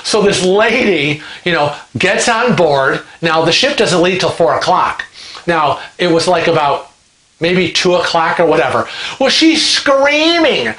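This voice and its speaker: A man hosting a vlog, telling a story in a chatty, animated way and acting out the people in it. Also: a little high, unhurried. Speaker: vlog host. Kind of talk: casual storytelling. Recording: roomy echo.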